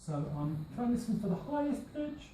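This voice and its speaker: Brief: male teacher, lively up-and-down delivery, mellow tone, captured from across an echoey classroom. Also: high voice, a little fast. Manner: models phrases with emphatic stress. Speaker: language teacher trainer. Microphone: far camera mic. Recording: roomy classroom from a distance, faint hiss.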